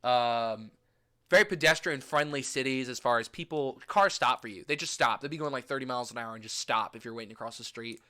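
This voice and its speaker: A young American man recapping a trip in casual chat, animated and gushing, swearing freely. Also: medium pitch, a little fast, clear, resonant tone. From United States. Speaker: vlogger.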